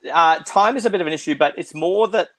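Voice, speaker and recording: A middle-aged Australian theatre producer talking quickly over a video call, full of restarts and repeated words. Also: male voice, sits high, a bit bright, no echo. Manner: fast-talking with frequent restarts. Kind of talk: conversational interview.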